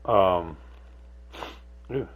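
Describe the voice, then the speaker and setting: A man with a low voice hosts a casual solo rant podcast, speaking very slowly with a narrow range over tinny audio. He rambles, curses freely and frequently breaks off mid-sentence.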